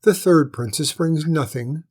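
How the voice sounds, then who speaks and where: A man voicing a sly, knowing male court jester in a storybook reading, with a courtly, measured manner. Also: a little high, a little mellow, voice pushed up.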